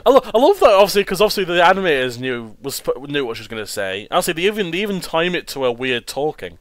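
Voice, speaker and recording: A man hosting a casual movie riff commentary, animated and laughing, often restarting his sentences. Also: fairly high pitch, fast talker, dry recording. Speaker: host.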